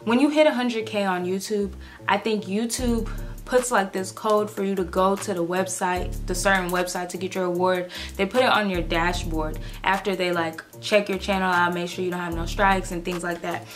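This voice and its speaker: A woman's voice: mid-range voice, moderate pace. Gushing young woman vlogger, faint music. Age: 20s. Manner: gushing, excitable, many "like"s. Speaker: YouTuber. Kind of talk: emotional casual vlog.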